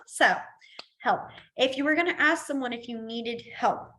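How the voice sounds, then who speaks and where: Young woman, class teacher; chatty, laughs easily, slightly high voice. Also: a little fast, sharp tone. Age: young adult. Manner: chatty, laughs often, many fillers. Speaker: sign language teacher.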